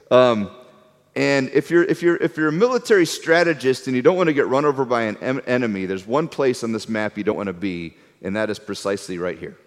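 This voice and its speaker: Middle-aged man teaching in a reverberant hall. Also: mid-range voice. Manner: animated storyteller, often repeats words. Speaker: Bible teacher. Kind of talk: conversational sermon with a map.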